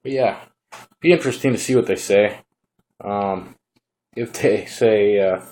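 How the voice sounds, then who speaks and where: A man giving a relaxed, rambling hands-on product review at home, talking to the camera as he shows the device. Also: fairly low pitch, moderate pace, long pauses.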